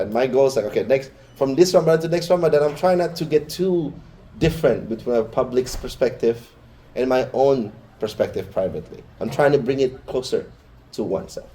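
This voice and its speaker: A man's voice: mid-range voice, lively intonation, brisk, mellow. A man giving a Friday sermon in a mosque, talking informally and chattily, with personal asides to the congregation. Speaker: Friday preacher.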